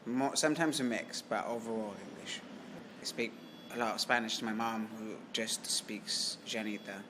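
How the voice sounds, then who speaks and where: A young man speaking quietly and matter-of-factly in an interview. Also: fairly low pitch, steady tone, normal speed, noisy background.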